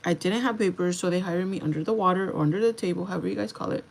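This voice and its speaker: A young woman livestreaming, telling a story to her viewers in a chatty, animated way, swearing freely and slipping into Spanish. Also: fairly low pitch, racing, gravelly, a little hiss or hum, poor audio. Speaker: livestream host.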